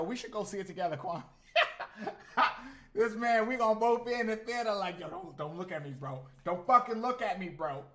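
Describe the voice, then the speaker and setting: In his thirties, this man chats casually on a live stream, addressing his chat directly in an animated, slangy way. His voice is high.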